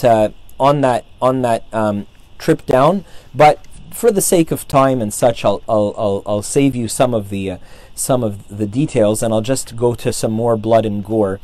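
A man's voice: medium pitch, darkish tone, dry recording. A man casually retelling a saint's life, rambling, with many fillers and restarts. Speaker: storyteller.

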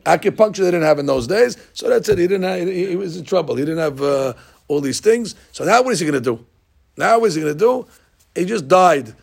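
A man teaches a Talmud class, retelling old stories with lively energy and acting out the lines. His voice is rough and gravelly, with a husky edge. It sits fairly high for a man. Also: a little fast. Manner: animated storyteller, acting out lines with rising shouts. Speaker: Torah teacher.

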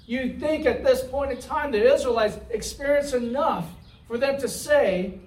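High-voiced man preaching in an echoey room. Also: measured pace, a little mellow. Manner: conversational, asks the room "right?"; acts out the Israelites' complaints in a whiny voice. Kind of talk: sermon. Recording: roomy, from far off the mic.

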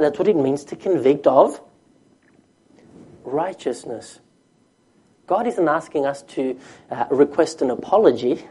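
A man's voice: on the high side, lively intonation, unhurried, pauses often, warm tone, breathy edge. A man preaching a sermon as a pastor, talking conversationally and asking the congregation questions.

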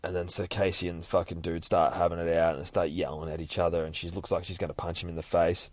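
Excitable swearing man. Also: low voice, fast, no room sound. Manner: swears constantly, excitable, sound effects. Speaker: podcast host. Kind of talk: excited casual comic retelling.

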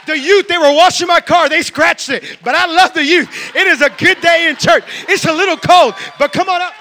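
A man's voice: very high voice, fairly quick, bright, forceful tone, voice pushed up. A man preaching acts out a grateful churchgoer who gushes about how good the day is. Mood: gushing. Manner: gushing, enthusiastic.

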